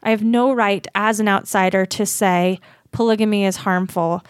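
A woman's voice: mid-range voice, fairly even intonation, normal speed, clean tone, no room sound, studio quality. A woman from Utah, a guest advocate, talking earnestly and reflectively in an interview, often critical of herself. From Utah, USA.

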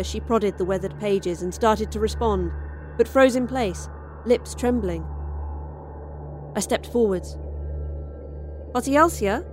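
A woman reading a horror story aloud as a wry, expressive first-person narrator. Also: mid-range voice, a little hiss or hum. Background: faint music score.

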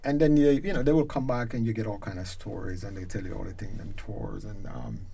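A man from Jamaica with a Jamaican accent, a reggae concert promoter telling stories as a guest, lively and emphatic. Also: fairly low pitch, brisk, vocal fry, slightly rough. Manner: lively storyteller who grows loud and emphatic. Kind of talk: animated storytelling in a conversation.

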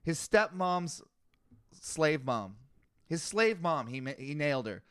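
A man's voice: fairly high pitch, sing-song, takes it slowly, a bit bright, smooth, dry recording, clean studio sound. A man co-hosting a podcast, reading scripture aloud in casual chat and growing exasperated at long lists of names, swearing as he goes.

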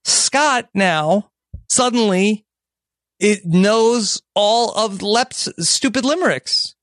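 A man's voice: sits high, extremely slow, a bit bright, no echo. A man co-hosting a podcast, casually recapping a movie and acting out the characters' lines as he goes. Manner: storytelling, acts out characters' lines. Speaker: podcast co-host.

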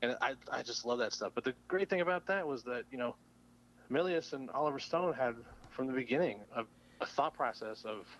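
A man's voice: medium pitch, lively intonation, brisk, lo-fi sound, slight background noise. A man co-hosting a casual movie podcast, enthusiastic and rambling. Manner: enthusiastic, rambling, many fillers and swearing. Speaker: podcast co-host.

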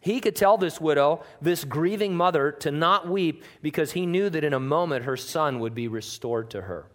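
A man, a pastor, giving a conversational sermon in church, joking and often changing his pitch and loudness. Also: moderate pace.

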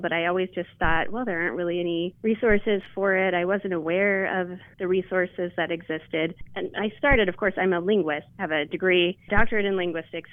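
A woman's voice: fairly low pitch, no room sound. A woman guest in a phone interview, talking casually and with enthusiasm, often restarting her sentences. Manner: chatty, enthusiastic, many restarts. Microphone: telephone. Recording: tinny phone line, dry.

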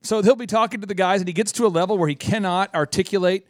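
A man hosting a business talk radio show, telling stories quickly and acting out the quotes he tells. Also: high voice, dry recording, studio quality. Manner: quick storytelling, acts out quotes. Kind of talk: casual radio chat.

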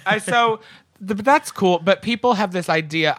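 A man's voice: sits high, very animated, moderate pace, a bit bright. A man who performs in drag, chatting casually and rambling, swearing freely as he talks. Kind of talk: casual podcast chat.

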